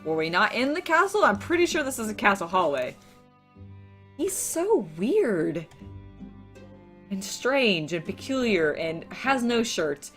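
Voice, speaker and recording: Woman reading the heroine in a game, mid-pitched and animated, tossing in bemused remarks. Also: unhurried, faint music behind. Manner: chatty, bemused reading with side comments. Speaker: let's play co-host reading the heroine. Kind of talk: reading a visual novel aloud.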